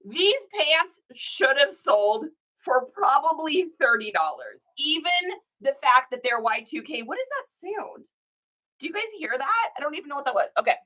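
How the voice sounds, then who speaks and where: A woman with a high, bright voice chats casually as an online reseller. She keeps encouraging her viewers and often dissolves into laughter as she talks. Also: sing-song, moderate pace, rough recording. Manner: encouraging, breaks into fits of laughter.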